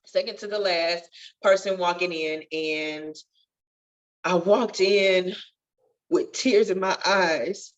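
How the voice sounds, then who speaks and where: Over dull audio, a woman with a medium-pitched voice shares her life story as a guest on a podcast. She's a nurse, and her telling is earnest and testifying, building with emotion in a storytelling interview.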